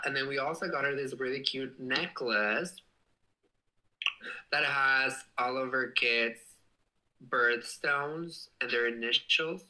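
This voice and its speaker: Reading viewer comments in a relaxed chat, a livestreamer is playful and gushing, swearing affectionately and breaking into sudden excited outbursts. The voice is mid-range and slow, and the recording quality is low.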